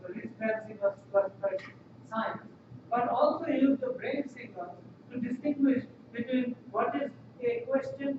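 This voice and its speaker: High-voiced man lecturing in an echoey classroom. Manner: explanatory, repeats phrases, frequent fillers. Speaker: university lecturer. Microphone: laptop webcam from far off. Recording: echoey room, distant lo-fi mic, noisy.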